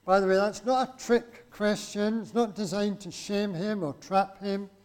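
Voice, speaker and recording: High-voiced man preaching a sermon. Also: fairly even intonation, unhurried, darkish tone. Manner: conversational, asks the listeners rhetorical questions. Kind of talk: sermon with scripture reading.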